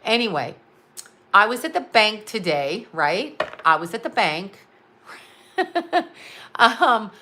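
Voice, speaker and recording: A woman's voice: medium pitch, big pitch swings, slow pace, pushed and bright, slight background noise. A woman chatting casually on a live stream, rambling and blunt, laughing often and swearing freely. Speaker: psychic and astrologer answering live chat.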